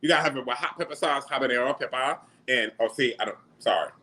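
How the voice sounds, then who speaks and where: A man, hosting a casual livestream and chatting back to viewer comments in an animated, slangy way. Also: mid-range voice, fast talker. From New York. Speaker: livestream host.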